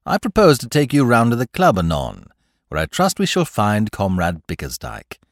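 A suave young gentleman with an airy drawl, spinning long, elaborate formal phrases, as a male narrator puts him on. His pitch rises and falls freely, and the recording is close and dry. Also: wildly swooping pitch, moderate pace, dry recording.

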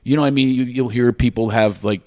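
A man's voice: medium pitch, steady tone, quick pace, mellow, no room sound. Rambling man telling stories, dry sound. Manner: rambling, self-interrupting storyteller who acts out other voices. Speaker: comedian podcast guest. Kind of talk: casual chat, storytelling.

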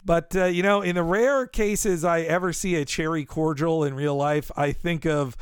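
A chatty male podcast co-host, joking along in a casual discussion. His voice is smooth and a touch high, recorded close and dry. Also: steady tone, moderate pace, dry recording. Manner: chatty, joking, restarts a lot. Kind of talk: casual chat.

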